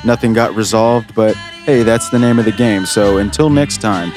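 A man hosting a comedy radio call-in show, relaxed and dry as he moderates. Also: fairly low pitch, normal speed, over music.

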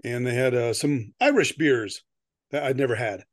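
A middle-aged man co-hosting a podcast chats in a rambling way with many restarts and frequent laughs, then reads a story aloud. His medium-pitched voice moves at a moderate pace, captured on a close podcast mic with clean studio sound and no room echo.

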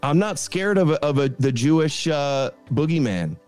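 A man's voice: a little high, expressive, normal speed, a little mellow, smooth, faint music behind. A man on a played debate stream, speaking in a blunt and scornful way. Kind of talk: debate call-in.

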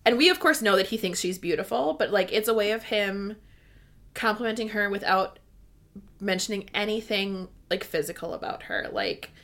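Woman co-host, casual book chat, gushing, giggly, filler-heavy, mid-pitched. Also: big pitch swings, moderate pace, a bit bright. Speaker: podcast co-host.

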